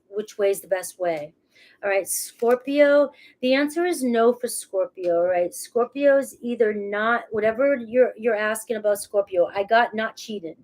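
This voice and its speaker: In a mid-range, slightly mellow voice, a tarot reader talks to camera during a casual reading. She sounds reassuring and chatty, restarts her sentences, laughs at herself, and keeps saying "all right" and "okay."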